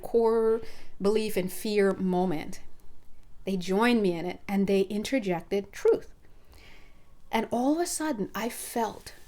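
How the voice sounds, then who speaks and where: A woman speaking as an intuitive counselor in a casual spiritual monologue, animated and laughing often as she acts out conversations. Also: mid-range voice.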